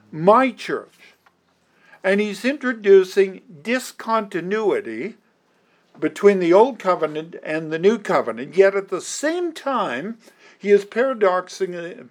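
A high-pitched pastor addresses his congregation in a sermon, measured and emphatic, with an occasional dry aside.

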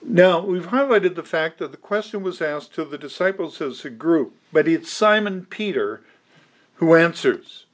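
Slightly high-voiced male preacher. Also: expressive. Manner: measured teaching delivery with frequent ums and restarts. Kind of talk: expository sermon.

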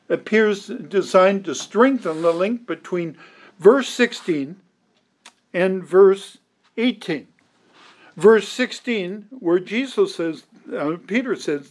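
Male pastor, higher-pitched, preaching a verse-by-verse sermon with deliberate emphasis. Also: expressive. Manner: deliberate, emphatic, reads scripture aloud in old wording. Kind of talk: expository sermon.

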